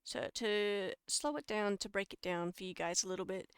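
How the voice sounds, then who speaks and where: An Australian woman streams a casual lecture to her chat, chatty and laughing at herself as she corrects her own slip-ups. Her smooth, clear, medium-pitched voice holds a steady tone and moves briskly with few pauses, recorded close and dry with no room sound.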